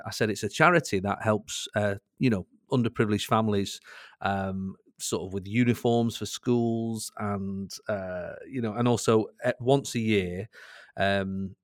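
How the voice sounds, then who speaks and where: A man's voice: lowish voice, no echo, clean studio sound. A man with a Mancunian accent, a comedian guest chatting in an interview, self-mocking and laughing between lines. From Manchester, England. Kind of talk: casual interview chat.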